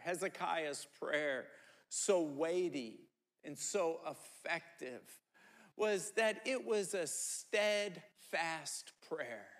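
A man preaching a sermon as pastor, telling animated stories and often repeating his words. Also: sits high.

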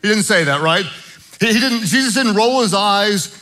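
Male pastor, sermon, earnest, bright voice, fairly high pitch. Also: normal speed, rough recording. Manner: earnest, shifts between hushed prayer and animated storytelling.

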